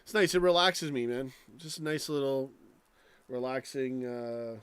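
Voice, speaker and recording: A man's voice: mid-range voice, fairly even intonation, measured pace, fairly bright tone, clear, resonant tone, no room sound. A young American man hosting a casual late-night livestream from home, rambling and profane, restarting his sentences often. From United States. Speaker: live stream host. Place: home, indoors.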